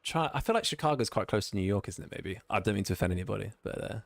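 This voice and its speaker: A man's voice: fairly low pitch, animated, rapid-fire, vocal fry, dry recording. A British man with a British English accent, chatting casually on a live stream while sim racing, reading chat aloud and laughing easily. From Britain.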